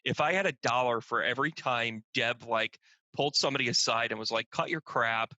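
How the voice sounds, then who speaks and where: Brief: emphatic male host, sharp bright tone, dry close sound. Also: mid-range voice, fairly quick, dry recording, highs cut off. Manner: emphatic, repeats words when starting. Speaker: host, medium. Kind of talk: casual podcast chat.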